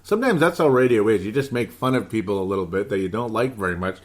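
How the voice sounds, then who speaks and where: Man in his thirties, podcast host, lowish voice, hyper and rambling, casual chat. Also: fast. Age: 30s. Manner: hyper, excitable, rambling with laughs. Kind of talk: casual sports podcast chat reading comments.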